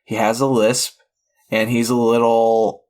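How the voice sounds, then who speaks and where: Chatting about films on a podcast he co-hosts, this man has a mid-range, darkish voice that barely moves in pitch. He speaks unhurriedly and rambles, leaning on many fillers and false starts.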